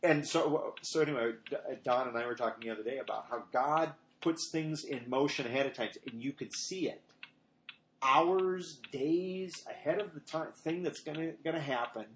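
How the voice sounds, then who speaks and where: A middle-aged man preaches in a loose, conversational way, wandering into family anecdotes and voicing the people in them. His voice sits a little high for a man. The room around him is echoey, with a faint hiss underneath. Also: normal speed, fairly bright tone. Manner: conversational, rambling, acts out quoted lines in a raised voice. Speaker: pastor. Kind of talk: informal sermon with personal stories.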